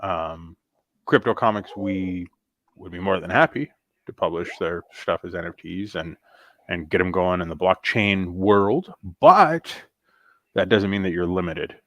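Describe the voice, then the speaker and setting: Brief: laid-back male host, lowish voice, dry close sound, reads chat aloud. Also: a little slow, a bit bright, no room sound. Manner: easygoing, many ums, reads viewer comments. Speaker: host of a comics livestream. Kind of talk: casual livestream chat.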